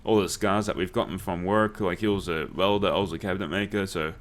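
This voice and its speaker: This young man has a low, steady voice and talks quickly. A let's play host, he spins yarns over gameplay, swearing liberally and laughing as he tells them.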